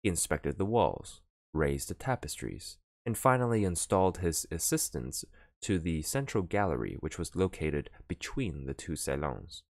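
A man narrating a classic novel as an audiobook, in an expressive, theatrical reading. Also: deep voice, normal speed, no room sound, studio quality.

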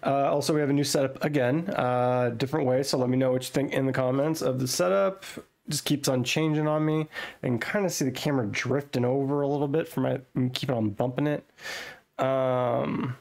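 Gravelly-voiced man chatting while opening cards. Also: medium pitch, fairly quick. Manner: chatty, excitable, thinks aloud. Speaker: card-opening vlogger. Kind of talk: casual unboxing chat. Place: home desk setup.

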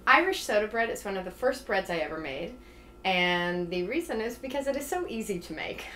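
A woman's voice: medium pitch, expressive, brisk, sharp tone, faint music behind. A woman hosting a web show and walking through a cooking demo in a chatty way. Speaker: host.

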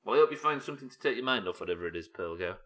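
Live-streaming a game, a British man reads and answers his chat and mumbles to himself as he builds. He speaks rapid-fire and expressively, in a fairly low voice with a bit of brightness.

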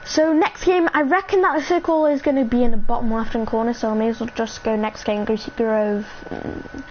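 A woman's voice: on the high side, steady tone, brisk. A woman giving rambling, chatty live commentary on her game and talking to her viewers. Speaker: game streamer. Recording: dull lo-fi mic with faint hiss.

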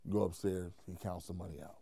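A man, a comedian, telling an animated, profane story in an interview, mimicking the people he quotes. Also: a little fast, gravelly, slight background noise. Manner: profane, acts out quotes in high voices, laughs while telling.

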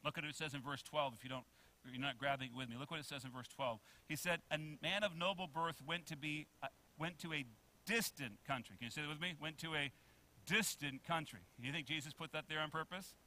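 Bright-voiced preaching man. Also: brisk. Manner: preaching with many questions to the congregation; swings between loud emphasis and soft low asides. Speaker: pastor. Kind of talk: sermon.

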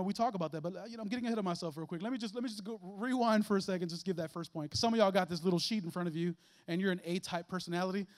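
A man preaching a lively, conversational sermon in a church, joking and acting out little voices and asides. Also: sits high. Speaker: guest preacher. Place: church sanctuary.

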